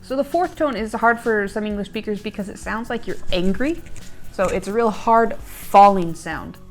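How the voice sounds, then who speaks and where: A woman's voice: medium pitch, moderate pace, soft background music. A woman hosting a language lesson, explaining in a chatty way with fillers and glancing at her notes. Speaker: host and language learner.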